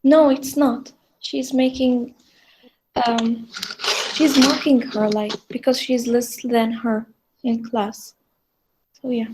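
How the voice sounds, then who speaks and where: A female student gives hesitant answers in class with fillers. She speaks slowly and sounds distant from the mic. A faint hiss sits under her voice. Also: on the high side, fairly even intonation.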